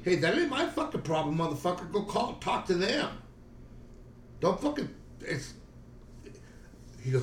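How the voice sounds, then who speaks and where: A man's voice: high voice, very animated, measured pace, pauses often, far from the mic. A middle-aged man telling a story in casual podcast chat, swearing constantly and repeating himself. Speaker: podcast co-host. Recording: roomy, from off-mic, faint background noise.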